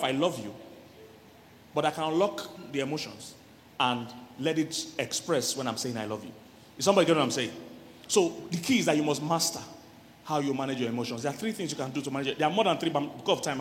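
Animated man preaching in an echoey hall. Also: a little high, racing, slight background noise. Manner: animated, laughing, acts out quoted voices. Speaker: relationship coach preaching. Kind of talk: church sermon on marriage.

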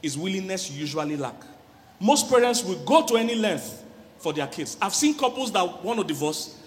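A middle-aged man, a relationship coach giving a lively church sermon on marriage, often laughing and acting out voices. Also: high voice, moderate pace, long reverb tail. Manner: animated, laughing, acts out quoted voices.

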